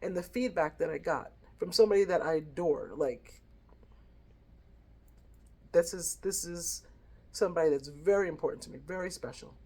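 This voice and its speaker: A middle-aged woman talks to her channel in an earnest, reflective way, telling a personal family story. Her voice carries quiet emotion and lingers on the feelings behind her words. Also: on the low side, normal speed, long pauses, slightly rough. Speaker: vlogger. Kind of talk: heartfelt personal vlog.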